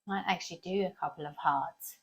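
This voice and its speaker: A woman's voice: on the low side, fairly quick, fairly bright tone. A woman giving a cheerful, encouraging drawing lesson to children, often asking the viewers questions. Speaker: children's art teacher.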